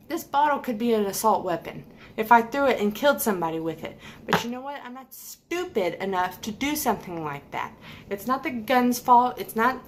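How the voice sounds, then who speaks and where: A woman's voice: fairly high pitch, a little hiss or hum. A woman giving a heated, emphatic opinion rant to camera, repeating points for stress. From United States. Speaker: vlogger.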